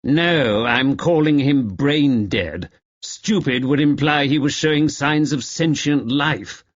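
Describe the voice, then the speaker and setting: A man's voice: mid-range voice, takes it slowly, lo-fi sound, voice pushed up. A man voicing an acid, scornful man who makes cutting remarks.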